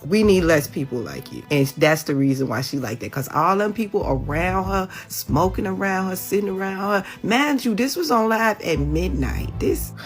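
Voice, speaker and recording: A woman's voice: on the low side, expressive, normal speed, hardly any pauses, soft background music. A woman with an early childhood education background speaking earnestly and heatedly. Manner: earnest, then heated and exasperated. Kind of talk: concerned commentary.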